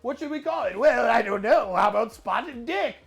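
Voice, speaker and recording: A woman's voice: on the high side, animated, moderate pace, gravelly. Woman putting on a chirpy posh British twit. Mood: giddy. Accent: mock generic British. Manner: giggly, exaggerated mimicry. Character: chirpy posh British folk inventing a dish name.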